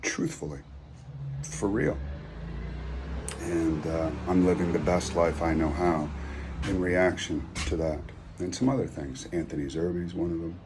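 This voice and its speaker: Slow, deep-voiced man giving a halting tribute. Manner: halting, with fillers and pauses. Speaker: former student. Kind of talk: personal tribute. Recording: background noise.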